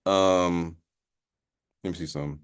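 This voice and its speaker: A man's voice: deep voice, fairly even intonation, measured pace, clear, resonant tone. A man teaching a casual Bible class in a loose, chatty way, often asking "you know what I mean" and slipping into joking voices to act out sayings.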